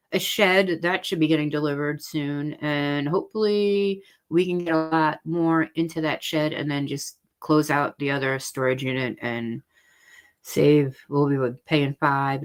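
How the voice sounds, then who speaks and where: Chatty woman on a home livestream. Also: low voice. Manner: chatty, laughs often, trails off and restarts. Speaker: livestream host. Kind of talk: casual chat.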